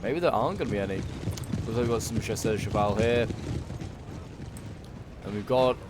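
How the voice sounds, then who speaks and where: A man's voice: fairly low pitch, normal speed, very noisy. A man giving casual gameplay commentary, thinking aloud and rambling with many fillers as he talks through a strategy battle. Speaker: game commentator. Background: background music.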